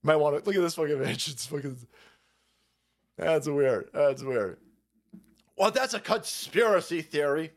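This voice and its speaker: A man hosting a livestream, ranting in a foul-mouthed, sarcastic and exasperated way and repeating words in rapid bursts. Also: on the high side, lively intonation. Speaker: livestream host. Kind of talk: profane livestream rant.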